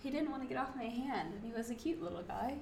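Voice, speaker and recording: Animated young woman telling stories. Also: on the high side, fast, gravelly, crowd noise. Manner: animated storyteller, acts out quotes. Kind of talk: casual chat. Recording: echoey room with faint noise.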